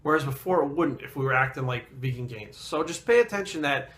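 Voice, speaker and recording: Swearing, bright-voiced fitness trainer. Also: male voice, mid-range voice, a little fast. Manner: swears constantly, blunt and animated. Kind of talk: casual vlog storytelling.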